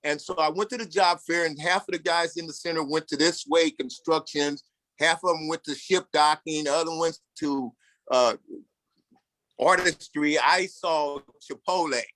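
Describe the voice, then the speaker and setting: A man's voice: on the high side, fairly even intonation, normal speed, a bit bright, no room sound. A man in his sixties, once incarcerated, telling his life story in an earnest, candid way. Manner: earnest and candid, acts out other people's lines in the story. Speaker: formerly incarcerated speaker. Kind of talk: personal storytelling talk.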